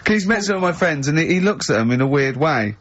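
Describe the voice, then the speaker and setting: A man hosting a radio show, telling stories with animated delivery and laughing loudly. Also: fairly high pitch, fast, no room sound. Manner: animated storyteller, bursts of loud laughter. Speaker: radio host. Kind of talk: casual radio banter. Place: radio studio. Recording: dull radio studio sound, dry.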